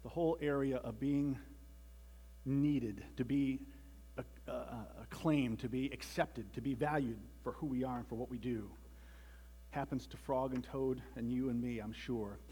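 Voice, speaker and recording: A man's voice: mid-range voice, fairly even intonation, normal speed, dark tone, husky. A man giving a conversational sermon with joking asides and frequent restarts, reading a children's story aloud as part of it.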